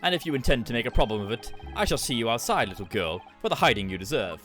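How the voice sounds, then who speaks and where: A man's voice: medium pitch, sing-song, fairly bright tone, soft background music. Man doing a pompous dandy. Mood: haughty. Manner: slow, haughty, pompous. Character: pompous dandy English gentleman, haughty and condescending. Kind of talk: reading game dialogue aloud.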